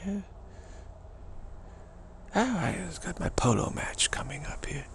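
A man's voice: on the high side, big pitch swings, a little slow, vocal fry, whispered, voice pushed up, heavily acted. A man playing a breezy upper-class Englishman with a put-on posh British accent, brushing trouble aside. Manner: chipper, dismissive of trouble.

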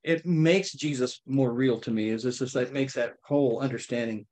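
Male Bible teacher, conversational and lively, mid-range voice, keeps checking in with listeners. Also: medium pitch, normal speed. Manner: conversational, checks in with frequent "okay?". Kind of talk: informal Bible study teaching.

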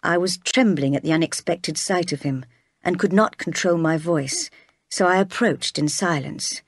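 Low-voiced woman reading a story aloud. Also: normal speed, no room sound, clean studio sound. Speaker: narrator. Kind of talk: reading a graded reader aloud.

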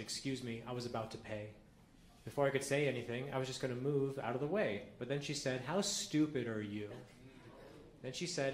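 A man doing stand-up storytelling on a club stage, with a dry deadpan delivery. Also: mid-range voice. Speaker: stand-up comedian. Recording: echoey club with faint crowd noise.

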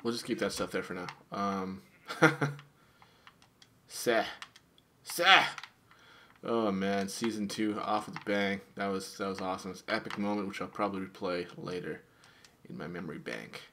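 A man's voice: low voice, steady tone, moderate pace, fairly bright tone, a little hiss or hum. A man casually commenting on his video game play, playful and chatty, talking to the animals in the game. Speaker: gamer.

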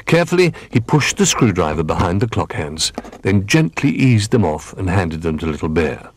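A man reading a children's storybook aloud in an expressive, gentle manner. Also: low-pitched, moderate pace, few pauses, breathy edge, dry recording.

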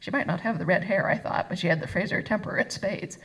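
A woman author reading her novel aloud at a live event, expressive and voicing each character. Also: on the low side, fast talker, breathy edge, low-quality recording. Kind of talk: live first-person book reading. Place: arts center reading event.

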